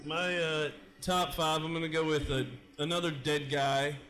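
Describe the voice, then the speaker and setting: Joking man, somewhat high voice. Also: little pitch movement, moderate pace, fairly bright tone. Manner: loose, joking, swears casually. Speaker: podcast co-host. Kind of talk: casual joking chat.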